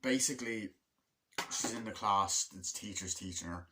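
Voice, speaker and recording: A man's voice: on the low side, noisy background. A man giving a casual spoken movie review, rambling and chatty with many fillers and restarts. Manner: acts out film characters' lines in quick put-on voices.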